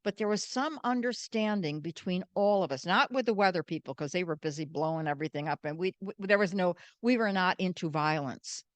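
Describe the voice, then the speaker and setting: An older American woman, a guest, telling animated stories and acting out the voices in them. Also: fairly low pitch, brisk, hardly any pauses, no echo. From United States. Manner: animated, acts out quoted voices. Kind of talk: storytelling interview.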